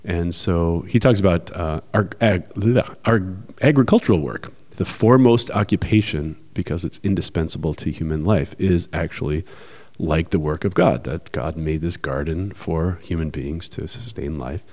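A man's voice: deep voice, normal speed, darkish tone. A man co-hosting a podcast, explaining ideas in a casual discussion, thoughtful and full of fillers. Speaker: podcast co-host.

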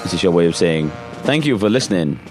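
A man's voice: very animated, fast talker. A man co-hosting a podcast in crude casual banter, joking and swearing freely. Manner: jokey, swears freely, slips into squeaky silly voices. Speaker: podcast co-host. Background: music.

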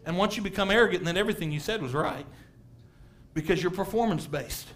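A middle-aged man preaching a sermon as pastor, animated, laughing and acting out quotes from people. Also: sits high, fast.

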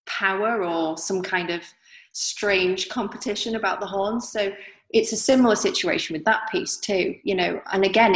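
A woman artist from northern England with a softened northern accent, chatting casually in an interview and using many fillers and restarts. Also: mid-range voice. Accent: softened northern English. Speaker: artist guest. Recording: roomy echo.

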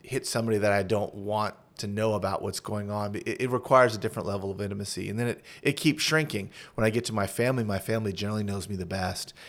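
A man's voice: fairly low pitch, fairly even intonation, quick pace, hardly any pauses. A man, a pastor, talking earnestly on a podcast and walking through example prayers as he teaches. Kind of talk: podcast conversation.

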